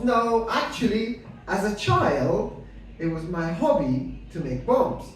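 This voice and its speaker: A middle-aged man from Afghanistan doing stand-up comedy with dry, deadpan delivery, full of hesitant fillers and some crowd work. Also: high-pitched, slow pace, slight background noise. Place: comedy club stage. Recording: echoey room mic heard from a distance.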